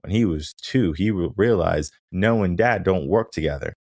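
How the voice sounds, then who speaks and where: A man with a very low voice lectures firmly, hammering each point and checking in with the listener as he goes. The recording is dry, close and free of room sound. He sounds middle-aged and is clearly the show's regular host. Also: moderate pace, darkish tone, no echo. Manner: emphatic, punctuates with "right?", mimics objections. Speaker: podcast host, mindset coach. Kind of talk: monologue coaching talk.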